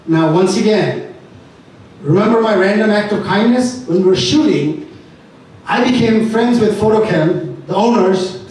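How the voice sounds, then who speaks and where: A man speaking at an entrepreneur meet-up, telling a lively story and acting out what people said. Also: sits high. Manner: animated storyteller acting out dialogue. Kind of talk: animated storytelling talk. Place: event venue. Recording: echoey room from far off with faint ambience.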